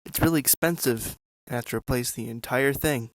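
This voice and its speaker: A man's voice: mid-range voice, fairly quick, no room sound. A young man filming himself repairing his car outdoors at night, frustrated and swearing as he mutters to himself. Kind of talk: profane self-filmed repair vlog.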